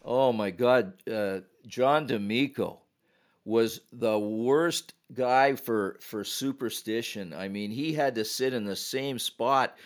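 Older man, podcast guest, animated anecdotal storyteller with punchy quoted lines. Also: mid-range voice, slow pace. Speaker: retired hockey referee, guest. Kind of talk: casual storytelling.

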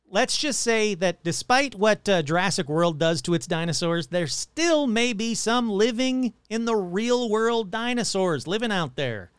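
Male podcast host, casual, swearing, jokey asides, smooth resonant voice, dry close sound. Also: high voice, a bit bright, no echo. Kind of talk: casual monologue on cryptids.

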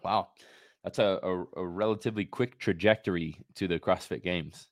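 A man's voice: low voice, moderate pace, no echo, studio quality. A young man hosting a podcast interview, chatty and loose, laughing often and full of fillers. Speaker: podcast host. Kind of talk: casual interview chat.

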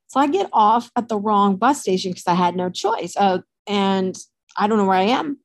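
A woman's voice: mid-range voice, normal speed, no echo. Candid, swearing woman telling a story. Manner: candid, animated, swears freely. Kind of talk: casual storytelling to camera.

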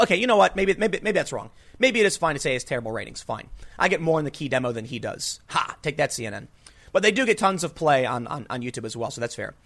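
A man delivering solo political commentary in an emphatic, heated manner. His voice sits a little higher than most men's. He stumbles and repeats words as he presses his points, breaking off into dry, sarcastic asides. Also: bright, forceful tone. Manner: sarcastic asides while reading from an article.

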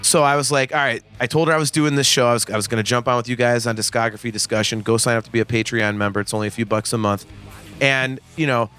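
A man's voice: medium pitch, steady tone, fast talker, a bit bright, smooth, faint music behind. A man in his forties, a guest on a casual podcast, talking in a profane, emphatic rant. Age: 40s.

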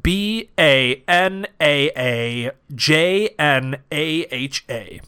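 Higher bright male reading aloud with glee. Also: expressive, very slow, smooth. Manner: reads verbatim, often cracking up. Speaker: podcast co-host, narrator of fan fiction. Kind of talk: deadpan comedic reading aloud.

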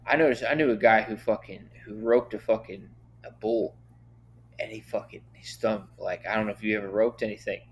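A young man, a podcast guest, chatting casually and animatedly, cursing a lot and getting loud when worked up. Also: on the low side, steady tone, fairly quick, slight background noise. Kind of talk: casual chat.

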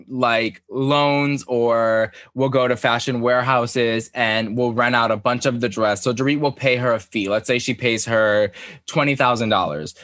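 A man co-hosting a casual gossip podcast, telling stories in an animated, profane way. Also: mid-range voice, dry recording, clean studio sound. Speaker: podcast co-host.

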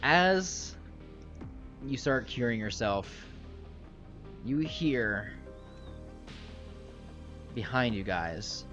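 A man's voice: mid-range voice, very animated, drawn-out words, long pauses, a bit bright, lo-fi sound, faint music behind. A man narrating a tabletop game as game master, casual and joking with his players. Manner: casual, swearing, laughing with players.

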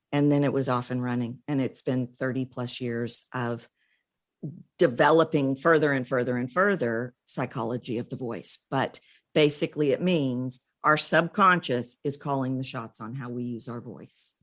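A woman's voice: a bass voice, measured pace. A woman guest in an interview, an expert on the voice, earnestly explaining her ideas through vivid anecdotes. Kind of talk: casual interview storytelling.

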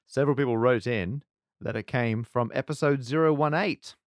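A man's voice: mid-range voice, normal speed, no echo, studio quality. Giggly man co-hosting. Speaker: podcast co-host. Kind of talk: casual chat.

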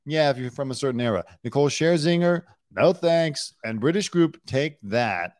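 A man hosting a casual celebrity news podcast, sarcastic and quick to drop into mocking impressions. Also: on the high side, expressive, darkish tone, no echo, clean studio sound. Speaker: podcast host, former celebrity news producer. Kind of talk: casual chat.

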